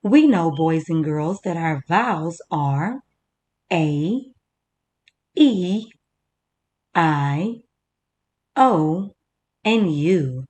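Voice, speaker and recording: A woman teacher leading a first-grade reading lesson, slowly sounding out words for young children. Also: sits low, expressive, darkish tone.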